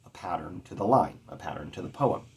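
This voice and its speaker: A man teaching poetic meter in a measured explanatory lecture, chanting rhythms to demonstrate them. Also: sits low, expressive, vocal fry, a little mellow, a little hiss or hum. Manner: measured, with occasional fillers. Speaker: poetry teacher.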